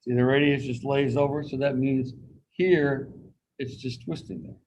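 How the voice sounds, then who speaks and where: A man's voice: mid-range voice, flat delivery, moderate pace, darkish tone, low-quality recording. Man, anatomy teacher, casual lecture, folksy storyteller, video call, faint background hiss. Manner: folksy storytelling, acts out quoted voices. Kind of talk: casual classroom lecture with personal anecdote.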